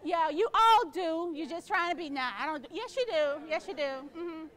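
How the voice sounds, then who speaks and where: A woman's voice: very high voice, normal speed, a bit bright. A middle-aged woman giving a motivational keynote to staff, encouraging and playful, acting out little quoted voices. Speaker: keynote speaker.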